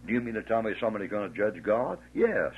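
A man's voice: lowish voice, sing-song, slightly rough. Fiery, scornful preacher man on tinny tape. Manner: emphatic, scornful, drawn-out stresses. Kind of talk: fiery sermon.

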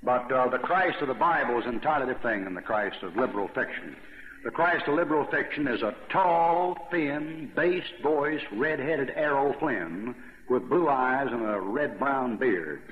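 A man's voice: medium pitch, lively intonation, normal speed. A man preaching a verse-by-verse Bible sermon in a conversational, rambling way, with asides and questions to his listeners. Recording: dull lo-fi recording in an echoey hall.

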